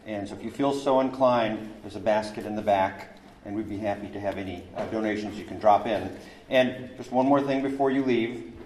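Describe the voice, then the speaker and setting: Organizer making announcements in an echoey room. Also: male voice, on the low side, a little fast, a little mellow, a little hiss or hum.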